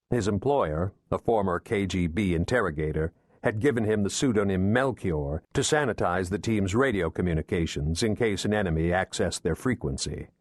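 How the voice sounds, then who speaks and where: Male audiobook narrator, low voice, dry close sound, steady thriller reading. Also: no echo. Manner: measured, steady storytelling.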